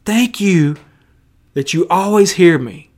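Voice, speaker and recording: A man's voice: high voice, animated, slow pace, darkish tone, heavily acted. A male preacher voicing Jesus as an indignant grown man, speaking his lines with emphatic urgency. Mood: urgent.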